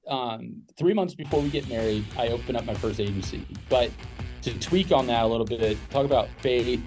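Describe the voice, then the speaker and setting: A man's voice: mid-range voice, a little mellow. A middle-aged man telling a personal business story casually, rambling with fillers and restarts. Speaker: podcast guest, business owner.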